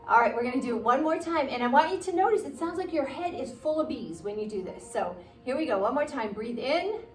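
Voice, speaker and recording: A woman guiding children through a yoga class, gently encouraging and playful, sometimes making animal noises. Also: high voice, lively intonation, fairly quick, far from the mic. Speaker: kids' yoga teacher. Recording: roomy sound from away from the mic with soft music.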